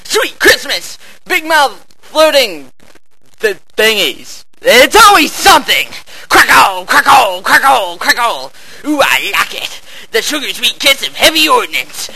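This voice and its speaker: A man giving over-the-top, theatrical narration while playing a shooter game, full of shouty bravado. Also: very high voice, wildly swooping pitch, measured pace, no echo, poor audio. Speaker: game player. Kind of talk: hammy gameplay narration.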